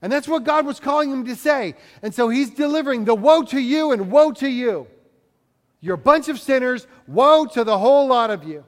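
A man's voice: very high voice, lively intonation, normal speed. A male pastor preaching a sermon in an emphatic, conversational way, asking the congregation rhetorical questions. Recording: long reverb of a large hall.

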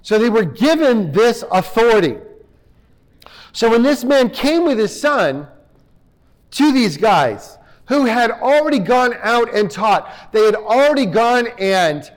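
A man's voice: extremely high pitch, sing-song, unhurried. A man preaching a sermon, retelling a story and acting out the dialogue, often repeating words as he goes. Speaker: pastor.

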